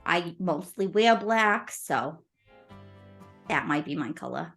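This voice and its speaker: A woman's voice: on the low side, lively intonation, slow pace, gravelly, a bit bright, soft background music, pitched below the performer's own voice, exaggerated voice. A woman voicing a cheerful, confident teenage girl superhero in a tabletop role-play, giggly and teasing. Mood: playful.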